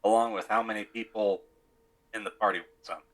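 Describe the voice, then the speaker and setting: A man's voice: lowish voice, steady tone, moderate pace, a bit bright. A man playing a tabletop game, talking casually with hesitant starts. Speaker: player.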